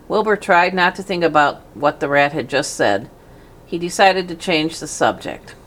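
A woman narrating a children's storybook in a gentle, even manner. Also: low voice, normal speed. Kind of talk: storybook reading aloud.

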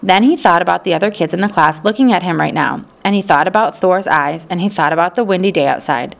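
A low-pitched, gravelly female voice reads an audiobook. She tells the story evenly and steadily, keeping a calm, measured pace throughout.

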